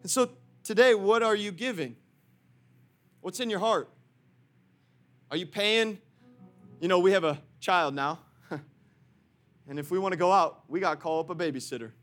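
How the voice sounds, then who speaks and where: A young man preaching a sermon to his congregation, lively and direct, swinging from loud calls to quiet storytelling and laughing often. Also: high voice, moderate pace, pauses often, faint music behind. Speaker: pastor.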